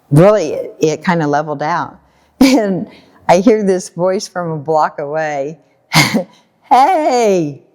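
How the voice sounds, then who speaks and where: An American woman telling a personal story in a casual talk, animated and laughing often while she acts out what people said. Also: lowish voice. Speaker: guest storyteller.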